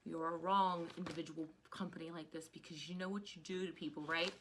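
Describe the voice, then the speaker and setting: A woman in her thirties teaching a history lesson in a chatty, casual way, often veering off into animated personal rants. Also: lowish voice, a little fast, very noisy. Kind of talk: casual recorded history lecture.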